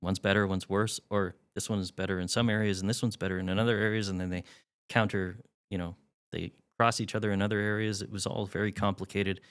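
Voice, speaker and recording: Deep-voiced middle-aged man telling candid stories. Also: flat delivery, fast talker, a bit bright, smooth. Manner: candid, with wry self-deprecating humor. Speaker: podcast guest, father. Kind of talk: candid storytelling in an interview.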